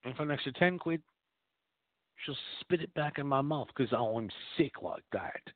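Male host for a vulgar comic rant, rambling and mock-boastful, mid-pitched, heard over a tinny phone line. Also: moderate pace, no echo. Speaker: radio show host. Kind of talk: crude comic monologue.

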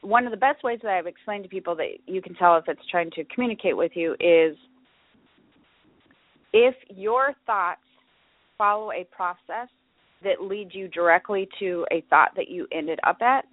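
Speaking at a normal speed in a lowish register, a woman explains her podcast topic in a relaxed, chatty way, stumbling into fillers and restarts. It's casual solo talk, captured as dry phone-like audio with no room sound.

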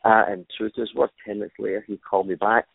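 A man's voice: on the low side, flat delivery, fast talker, creaky. A man, a stuntman and actor, telling stories from his career in a casual interview, rambling with many fillers and restarts. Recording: tinny phone-like line, dry.

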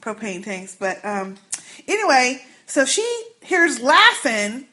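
A woman co-hosting a podcast, recapping a TV episode in casual chat, telling it with lively, animated quotes and free swearing. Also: fairly high pitch, slow. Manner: animated storytelling, acts out quotes, swears freely. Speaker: podcast co-host.

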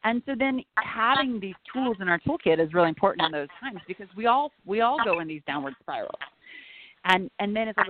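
A woman's voice: medium pitch, animated, brisk, crowd noise. A woman in her forties, a guest in a casual chat, talking candidly, swearing freely and laughing easily. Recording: tinny phone-like line with faint noise.

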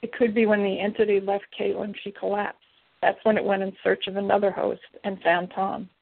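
A resolute, protective male demon, as a woman puts him on while reading a storybook, speaking in a measured way through a husky, gravelly voice. The recording is tinny and phone-like and sounds dry. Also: mid-range voice, level tone, dry recording. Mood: musing.

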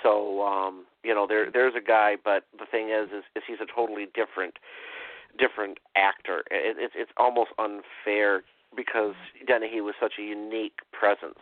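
Male co-host, low pitch, hesitant and thoughtful; dry phone audio. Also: flat delivery, moderate pace, dry recording. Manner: hesitant, many ums, thoughtful. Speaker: podcast co-host. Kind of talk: casual chat. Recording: dry tinny phone line.

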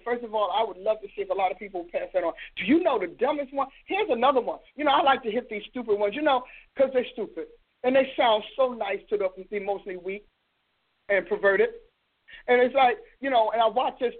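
A woman's voice: high voice, normal speed. Woman host preacher, scolding rhetorical style, telephone-quality audio. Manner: emphatic, scolding rhetorical questions. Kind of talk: preaching broadcast. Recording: tinny phone-line sound.

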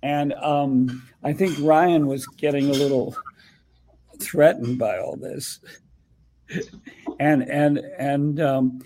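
A man's voice: fairly high pitch, fairly even intonation, mellow, a little hiss or hum, rough recording. An older man being interviewed as a guest actor, telling a story in a rambling way full of restarts. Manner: rambling, halting recollection with many restarts. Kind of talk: conversational interview.

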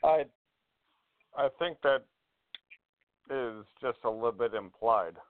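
A man's voice: medium pitch, takes it slowly, heavy background noise. Man asking questions over a phone line. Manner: asks probing follow-up questions. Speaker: co-host. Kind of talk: casual call-in radio chat.

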